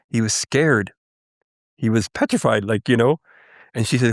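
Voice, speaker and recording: A man from Canada, a Cree guest, earnestly recounting his life in a halting interview testimony. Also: mid-range voice, no room sound, studio quality. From Canada, First Nations Cree. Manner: earnest, halting storytelling with restarts.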